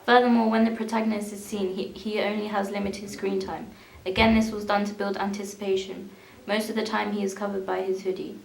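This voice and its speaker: A young woman reading a school media evaluation aloud in a steady, even way. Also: medium pitch, fairly quick, creaky, echoey room, low-quality recording. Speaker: student presenter.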